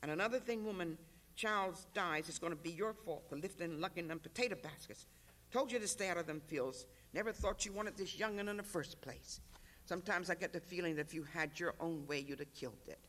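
A man's voice: sits high, brisk, a bit bright. A reader voicing a harsh rural husband who threatens his wife in a live reading of a novel. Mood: menacing.

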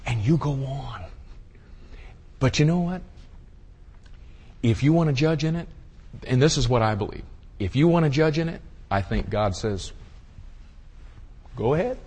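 Man, pastor, fiery sermon, husky voice, long hall echo. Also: mid-range voice, animated, normal speed, long pauses. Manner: swings from hushed murmurs to loud shouted exclamations; folksy, addresses the audience as y'all and buddy.

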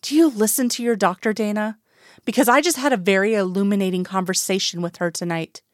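A woman reading a soft, worried older mother. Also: medium pitch, fairly even intonation, brisk, dry recording, studio quality, close to an everyday voice. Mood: pleading. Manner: soft yet insistent, pleading.

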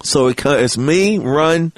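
Lively, profane man telling a story. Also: fairly high pitch, a little slow, no echo. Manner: animated, profane, acts out quotes. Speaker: podcast guest. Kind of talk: storytelling anecdote.

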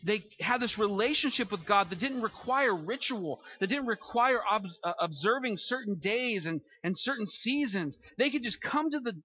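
A male pastor preaching with a high, bright voice. He is earnest, stumbles and repeats words as he goes, and lifts his voice to drive points home. The sound is dull and lo-fi. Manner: earnest, repeats words and restarts, rises for emphasis. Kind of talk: sermon.

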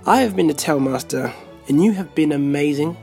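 Gravelly guy, kinda high voice, hosting story show over soft fiddle. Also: lively intonation, a little fast, soft background music. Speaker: podcast host. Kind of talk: scripted narration.

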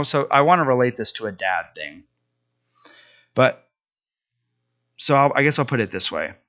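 A man's voice: lowish voice, sharp tone. A man in his thirties, a pastor, giving a sermon in an earnest, conversational storytelling way. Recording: dull lo-fi sound.

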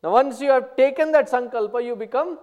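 A man giving a spiritual talk, telling stories and explaining terms one by one in an unhurried way. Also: extremely high pitch, darkish tone, big-room sound, lo-fi sound. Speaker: spiritual teacher. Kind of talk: spiritual discourse with anecdotes.

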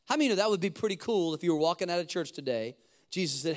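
Man, pastor preaching, high voice, emphatic, asks congregation to repeat lines, slows down for scripture readings. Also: animated. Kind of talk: sermon. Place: church sanctuary.

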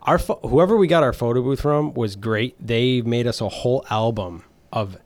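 A man's voice: medium pitch, moderate pace, no room sound. A man co-hosting a casual podcast chat, talking in a rambling way with lots of fillers. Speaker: podcast co-host.

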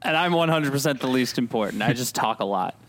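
A man's voice: medium pitch, expressive, a little fast, a bit bright, a little hiss or hum. A man hosting a casual podcast, joking and rambling in a self-deprecating way. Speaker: podcast host.

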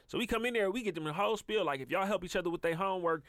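A man in his thirties, co-hosting a casual podcast chat at a quick clip. His voice sits a little high and sounds dry and close. He tells animated stories about his kids and acts out their voices. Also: no echo.

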